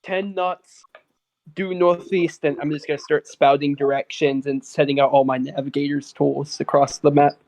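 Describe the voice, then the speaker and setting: A man's voice: fairly high pitch, level tone, normal speed, darkish tone. A man playing a tabletop role-playing game, talking in a chatty, explaining way. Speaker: player. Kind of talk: tabletop role-play chat.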